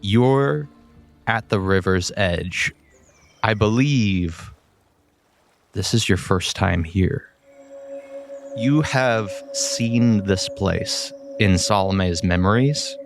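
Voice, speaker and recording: A man narrating as game master of a tabletop game in a calm, measured storytelling manner. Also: lowish voice.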